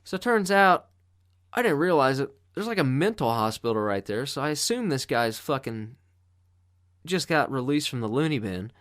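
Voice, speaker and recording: A man hosting a podcast, ranting alone in a loose and casual way. He swears constantly and sounds exasperated. His voice sits at a middling pitch. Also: sing-song, moderate pace, a bit bright. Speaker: podcast host.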